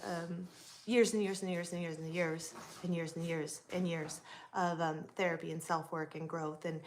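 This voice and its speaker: A woman in her forties from the US West Coast, chatting casually on a livestream and answering viewer comments. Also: lowish voice. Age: 40s. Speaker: livestream host.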